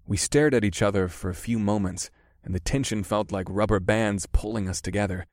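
Low-voiced man narrating an audiobook. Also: no echo, clean studio sound. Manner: steady, measured storytelling. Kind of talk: first-person audiobook narration.

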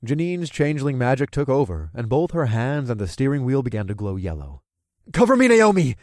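A man reading a first-person action audiobook, his pitch rising and falling with animated expression. The voice sits at a middle pitch, and the recording is dry and close with no room sound. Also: brisk, dry recording. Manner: lively, expressive storytelling. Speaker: audiobook narrator.

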